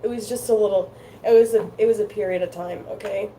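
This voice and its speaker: A woman's voice: mid-range voice, fairly even intonation, quick pace, warm tone, slight background noise, low-quality recording. A woman doing a casual tarot reading, rambling and chatty, with lots of filler words. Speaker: tarot card reader.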